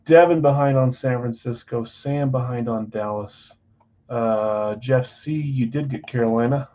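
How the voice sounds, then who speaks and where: A man's voice: medium pitch, unhurried, mellow, dull audio. Chatty man rattling off names. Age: adult, married. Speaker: card break host. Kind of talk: casual live-stream chat. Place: basement card room.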